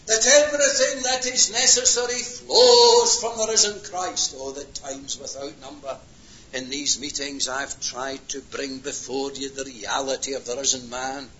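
A preacher delivering an impassioned sermon, swinging between hushed and loud passages. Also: male voice, mid-range voice, fairly even intonation, a little slow, a little hiss or hum. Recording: lo-fi roomy hall recording.

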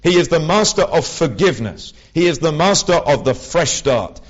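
A man's voice: fairly high pitch, animated, moderate pace. Guy giving a sermon, chatty and wry, kinda muffled lo-fi sound. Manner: conversational, wry asides, frequent restarts. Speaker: lay preacher. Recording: dull lo-fi recording.

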